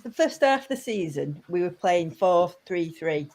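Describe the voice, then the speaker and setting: A woman's voice: fairly low pitch, moderate pace. A woman speaking as a podcast guest, casual and emphatic. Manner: animated, emphatic. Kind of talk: casual chat.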